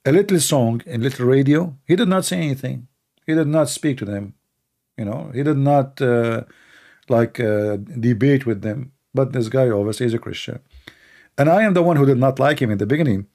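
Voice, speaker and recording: A man with a non-native English accent hosting a call-in livestream, telling stories in a rambling, animated way. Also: mid-range voice, moderate pace. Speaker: host of a call-in show. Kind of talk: casual livestream talk.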